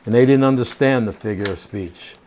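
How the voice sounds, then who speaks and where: A man's voice: medium pitch, brisk, warm tone, a little hiss or hum. An older man teaching a home Bible study, reading scripture aloud and then explaining it in plain, casual asides.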